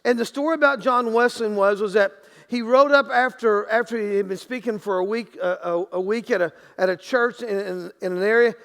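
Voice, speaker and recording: A man's voice: sits high, fairly quick, fairly bright tone, in a large hall. A man preaching a sermon as pastor in a church sanctuary, talking in a loose, conversational way with many restarts and acted-out quotes.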